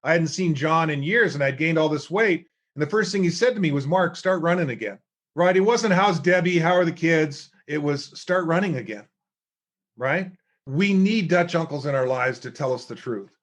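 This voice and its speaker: A middle-aged man, a guest author and speaker, telling lively stories in an interview and acting out the people he quotes. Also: a little high, normal speed. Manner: animated storyteller acting out quoted voices. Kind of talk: storytelling interview chat.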